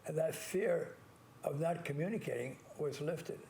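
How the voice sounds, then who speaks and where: An older man with a gravelly, creaky voice sitting a little high, talking as a priest on his own call-in show. He leans on single words, slows right down to stress them, and restarts himself often. A faint low rumble sits under the recording. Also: dark tone. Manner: earnest, repetitive, stresses key words slowly, with frequent restarts. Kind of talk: call-in show monologue, motivational advice.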